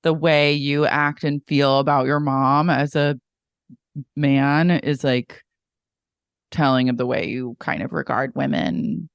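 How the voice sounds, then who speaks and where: A man co-hosts a casual podcast, spinning gossip with dramatic indignation and camp flair. His voice is smooth and clear, at a middle pitch. The sound is dry and close. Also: slow pace, dry recording. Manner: dramatic, indignant, campy storytelling. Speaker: podcast co-host. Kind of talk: casual reality-TV recap chat.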